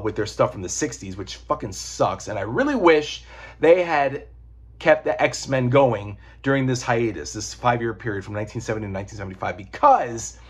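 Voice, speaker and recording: Husky, rambling comic reviewer. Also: male voice, medium pitch. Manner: rambling, profane, digressive. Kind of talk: casual chat.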